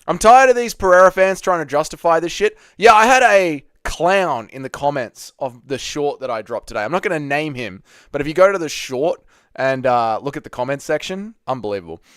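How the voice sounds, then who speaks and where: A young Australian streamer talks animatedly and fairly quickly in a fairly high voice, his tone fairly bright, clear and resonant. He's casually going through viewer comments, greeting people by name and swearing freely. The audio is clean studio sound without room noise.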